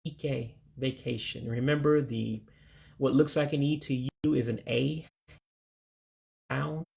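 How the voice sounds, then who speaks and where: A man from the United States leading a casual vocabulary lesson, slowly and carefully repeating foreign words and explaining them plainly. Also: medium pitch, fairly even intonation, gravelly, darkish tone. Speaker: language learner teaching vocabulary.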